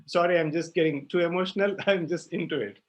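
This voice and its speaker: A man's voice: fairly high pitch, quick pace. A young man speaking on a panel, passionate and emphatic, with many fillers and restarts. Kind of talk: panel discussion.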